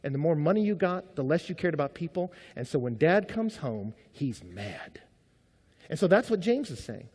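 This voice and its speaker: A pastor preaching a sermon as a man, telling stories with energy and dropping from loud to hushed. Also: fairly high pitch, fast, hardly any pauses, in a large hall. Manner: animated storytelling, swings between loud and hushed.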